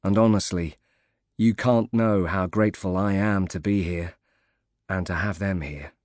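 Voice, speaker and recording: A male narrator voicing a grateful widowed father recovering from injury, speaking softly and haltingly. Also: low voice, fairly even intonation, dry recording. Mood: moved, grateful. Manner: soft, halting, moved.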